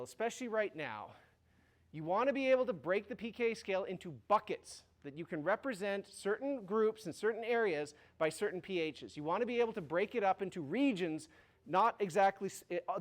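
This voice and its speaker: Male university chemistry lecturer, high-pitched, casual and jokey with students. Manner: informal, joking, frequent restarts and "right?". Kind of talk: classroom lecture. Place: lecture hall.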